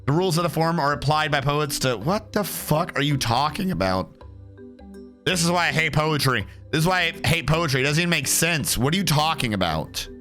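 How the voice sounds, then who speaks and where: A man streams a strategy game, riffing sarcastically on what he reads out and swearing freely. His voice is bright and forceful and sits a little high. Faint game music plays under him. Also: lively intonation, fairly quick. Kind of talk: casual let's play commentary.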